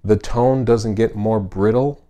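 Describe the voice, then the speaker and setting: A man hosting his own channel, giving a casual, friendly bass lesson with fillers and asides from a home studio. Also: fairly even intonation, unhurried, mellow. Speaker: bass teacher and channel host. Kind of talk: casual instructional talk.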